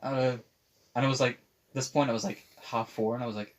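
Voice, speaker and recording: A man's voice: mid-range voice, fairly even intonation, a little fast. Young man telling a sweary story. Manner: rambling, swears a lot, mimics others in quotes. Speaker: podcast host. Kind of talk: casual storytelling. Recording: faint background noise.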